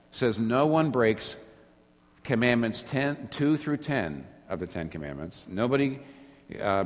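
Guy preaching a sermon, kinda low voice, long echoey hall reverb, earnest, keeps restarting his sentences. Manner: earnest, restarts phrases, swings between rising intensity and quiet low emphasis.

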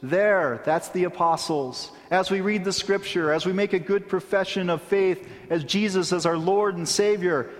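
A male pastor preaching a sermon in a measured way, with deliberate pauses. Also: high-pitched, long reverb tail. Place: church sanctuary.

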